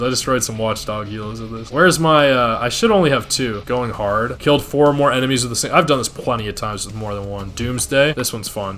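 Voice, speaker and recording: A man's voice: medium pitch, fairly bright tone. A man rambling casually as a gaming video creator, swearing when frustrated.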